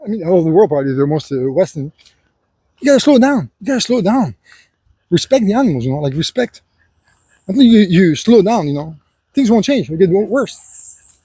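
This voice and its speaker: A man with a fairly high voice delivers a loose, rambling monologue, circling back with constant filler phrases. His tone is mellow and a little husky, and he slips into a preachy, lecturing manner, addressing the listener as "son". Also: expressive, fairly quick, no room sound. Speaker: vlogger. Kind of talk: unscripted personal monologue.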